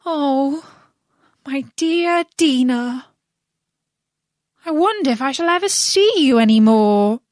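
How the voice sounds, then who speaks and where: Alice, an earnest and pleading young girl, put on by a woman in a storybook reading with a lively, rising pitch. Her words come slowly and carefully in a dry, close sound. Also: no room sound. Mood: melancholy.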